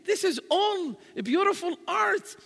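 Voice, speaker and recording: A man's voice: very high voice, lively intonation, measured pace, vocal fry, a bit bright. A man giving a live sermon in a large mosque hall, telling stories animatedly and quoting Arabic verses. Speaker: religious speaker. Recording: reverberant hall.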